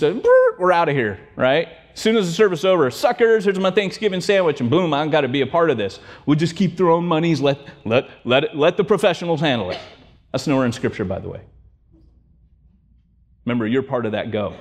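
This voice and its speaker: Guy preaching, kinda high voice, acts out the people in his stories, goes loud then real quiet. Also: quick pace. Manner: animated storytelling, acts out voices, swings from loud to hushed. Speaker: pastor. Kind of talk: sermon.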